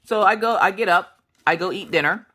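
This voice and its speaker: A woman's voice: medium pitch, a little fast, bright, forceful tone, slightly rough. A woman in her thirties chatting casually while she crafts, rambling through family stories and acting out the dialogue. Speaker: crafting vlogger.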